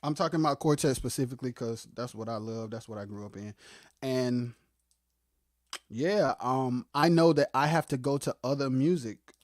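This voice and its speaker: A livestream co-host giving impassioned commentary on music production. They get fired up and shout, then drop into quiet asides, and repeat phrases for emphasis. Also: medium pitch, moderate pace, no echo, clean studio sound. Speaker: co-host of a live music talk stream.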